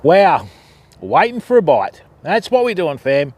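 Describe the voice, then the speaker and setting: Outdoors at a riverside campsite, an Australian man chats casually with viewers on his fishing livestream, relaxed and chatty. His voice is fairly high and a little mellow, a bit slow, with wildly swooping pitch.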